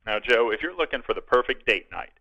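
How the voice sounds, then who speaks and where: Bright man promoting events on radio. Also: mid-range voice, lively intonation, fast talker, no room sound. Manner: upbeat promotional, friendly. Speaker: museum events guest. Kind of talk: casual radio interview. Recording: dull lo-fi radio sound.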